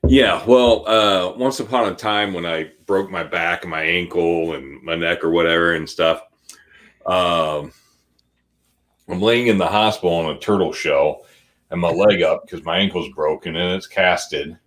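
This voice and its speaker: A man in his forties, co-hosting a podcast, telling an animated, laughing personal story in casual chat. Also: sits low, a little slow. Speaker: podcast co-host.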